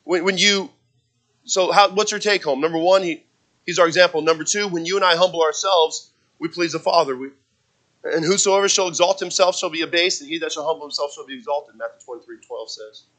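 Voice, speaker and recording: A man's voice: a little high, brisk, rough recording. A man preaching a sermon, quoting scripture and driving his points home with emphasis. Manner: emphatic preaching, rising and falling loudness, quotes scripture.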